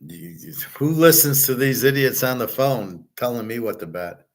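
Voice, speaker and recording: A man's voice: mid-range voice, very animated, normal speed, creaky. A man hosting a casual stream, talking bluntly and in a rambling way, swearing and answering chat comments. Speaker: host. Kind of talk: casual livestream talk on betting and gold.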